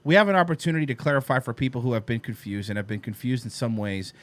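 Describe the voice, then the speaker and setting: A man's voice: mid-range voice, fast talker, fairly bright tone. A man co-hosting an online talk show, reading out an article and mocking it in sarcastic asides. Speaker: co-host. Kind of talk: casual commentary on clips.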